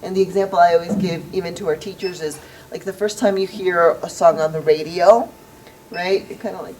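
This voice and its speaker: A woman's voice: lowish voice, steady tone, brisk, a little mellow, a little hiss or hum. A woman educator reassuring parents in a casual, encouraging and playful way. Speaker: school educator. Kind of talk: casual group discussion. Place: school meeting room. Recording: voice picked up from a distance.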